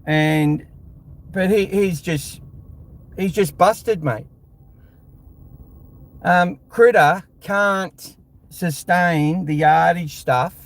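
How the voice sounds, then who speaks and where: Blunt, swearing Australian man, slightly high voice. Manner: blunt, heated and profane. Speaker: fan show host. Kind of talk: live fan-show rant.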